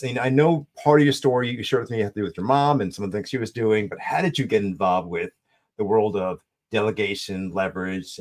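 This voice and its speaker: A man's voice: on the low side, a little mellow. A man hosting a podcast interview, cheering his guest on and asking long, rambling questions. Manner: enthusiastic, affirming, rambling questions. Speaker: podcast host.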